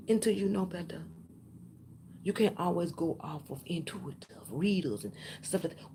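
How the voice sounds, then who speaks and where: A woman's voice: on the low side, expressive, moderate pace, warm tone, a little hiss or hum. A woman tarot reader giving a blunt, preachy reading straight to her viewers, often dropping into half-whispers. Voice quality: very husky, gravelly. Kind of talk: direct-to-camera tarot reading.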